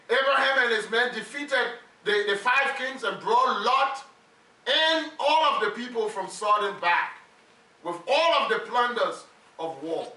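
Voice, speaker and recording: A man's voice: high-pitched, pushed and bright. A man preaching a sermon, emphatic and leading the congregation to repeat phrases after him. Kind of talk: sermon with call-and-response. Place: church sanctuary with congregation. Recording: roomy church hall, mic at a distance.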